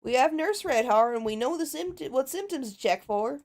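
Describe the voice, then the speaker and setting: A woman's voice: high-pitched, lively intonation, moderate pace, darkish tone. A woman voicing Applejack, a stubborn, kind-hearted female farm pony, in a put-on Southern drawl while role-playing a game. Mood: earnest. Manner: folksy, earnest drawl.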